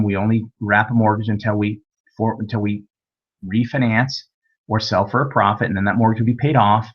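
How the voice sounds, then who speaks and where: Male webinar instructor, husky voice, folksy storyteller, muffled lo-fi audio. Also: on the low side. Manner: folksy storytelling, acts out dialogue. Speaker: real estate investing instructor. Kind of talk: webinar lecture with anecdotes.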